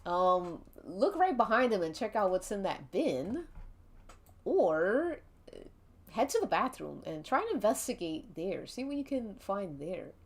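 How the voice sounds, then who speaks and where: A giggly young woman narrating an interactive mystery game for her stream, swearing casually as she goes. Her pitch is lively and bouncy. She talks at an unhurried, slow pace.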